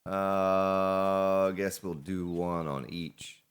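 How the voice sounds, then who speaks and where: A man with a very low voice talks through his game in loose, casual commentary. He rambles and often addresses himself as he works. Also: fairly even intonation, drawn-out words, clear, resonant tone. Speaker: gaming let's play host.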